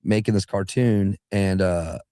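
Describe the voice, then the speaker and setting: A young adult singer from southeastern Alabama chats as a radio guest, his voice sitting a bit low. He rambles, backs up and restarts his sentences, and sometimes breaks into put-on voices. The studio mic is dry and close, with no room sound. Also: steady tone, unhurried, mellow, clear, resonant tone, no room sound. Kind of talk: casual radio interview chat.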